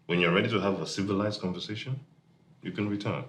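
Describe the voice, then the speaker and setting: A smug, deep-voiced company heir. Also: male voice, quick pace, fairly bright tone. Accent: Nigerian. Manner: smug and dismissive, ends lines with a taunting 'hmm?'. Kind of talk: TV drama acting.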